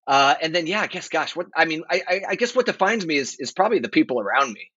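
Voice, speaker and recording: A man in his forties, a guest on a podcast, talking in a relaxed, rambling way with lots of fillers. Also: on the high side, quick pace, breathy edge, no room sound. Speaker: guest, marketing executive. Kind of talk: casual podcast interview. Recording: dry, dull lo-fi sound.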